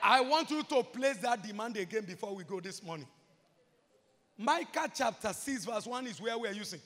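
A man's voice: high voice, expressive, moderate pace, fairly bright tone, in a large hall. A man preaching a sermon as pastor, impassioned and repetitive.

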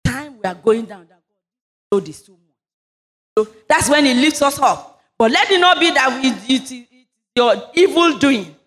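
A high-pitched woman preaches a sermon, moving between scripture reading and fervent prayer. Her voice sits well above the usual range, and her declarations ring with conviction. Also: lively intonation, unhurried, pauses often. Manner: fervent, rising into loud declarations during prayer.

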